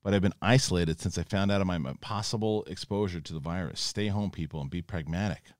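A low-voiced man hosts a casual live show, reading viewer messages aloud in a laid-back way and laughing often. His voice is recorded close and dry, with no room sound. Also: quick pace, no echo. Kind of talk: casual live-stream chat.

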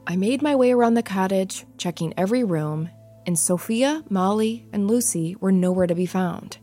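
A woman giving a measured, suspenseful first-person narration of a ghost story. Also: medium pitch, mellow. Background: faint music.

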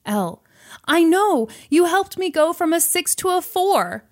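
A woman voicing a bubbly young female law student in a high, exaggerated voice. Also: very animated, measured pace, heavily acted. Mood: earnest.

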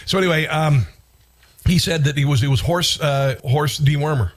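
A man's voice: on the high side, normal speed. A man hosting a political talk show, delivering an indignant, rambling commentary monologue with frequent restarts and bursts of outrage.

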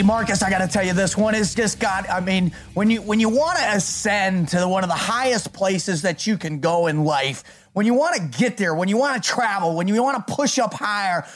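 A man hosting a podcast, talking in a hyped, motivational way and laughing often. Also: high-pitched. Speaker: podcast host. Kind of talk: energetic podcast chat.

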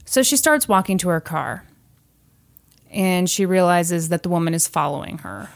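A woman's voice: fairly low pitch, normal speed, creaky. Woman retelling a true crime story. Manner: animated, acts out quoted voices, laughs often. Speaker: podcast co-host telling a true crime story. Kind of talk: casual storytelling chat.

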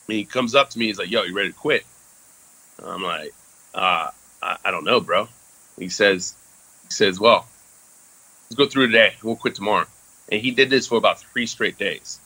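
A man's voice: mid-range voice, pushed and bright, no room sound, poor audio. A man who served in the Army, telling a candid story in casual talk with lots of fillers and some swearing. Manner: frequent fillers, candid and profane. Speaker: interview guest, Army veteran.

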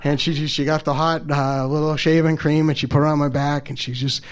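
A man's voice: a little high, flat delivery. Stammering, emotional man telling a story. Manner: halting, stammers and repeats words; openly emotional, self-deprecating. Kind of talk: personal story told live.

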